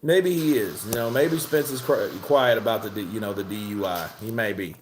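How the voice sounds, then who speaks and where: A man's voice: fairly low pitch, moderate pace, a little hiss or hum. A man hosting a live boxing commentary stream, talking in a profane, heated, rambling way. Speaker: host of a boxing commentary livestream.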